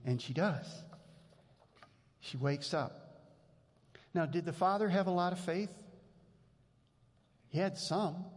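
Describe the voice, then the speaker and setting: Male pastor, earnest conversational sermon, long church reverb. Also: on the high side. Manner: earnest, conversational preaching with many restarts.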